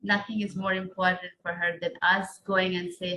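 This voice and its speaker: A middle-aged woman from India, a podcast guest, telling a visualization story in an earnest, soft-spoken way, often saying "you know". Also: fairly low pitch, little pitch movement, moderate pace, slight background noise, poor audio.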